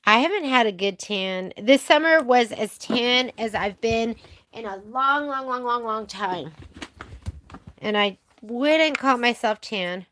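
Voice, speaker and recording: A woman's voice: fairly high pitch, slow, fairly bright tone. A young American woman teaching a casual live stitch-along, chatting with viewers as she works. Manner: chatty, talks to viewers while working. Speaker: sewing instructor.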